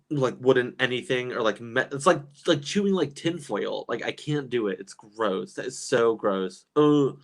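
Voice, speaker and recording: In a mid-range voice, a thirty-something man runs a laid-back livestream and reads the chat aloud, chatting animatedly, laughing a lot and filling gaps with fillers.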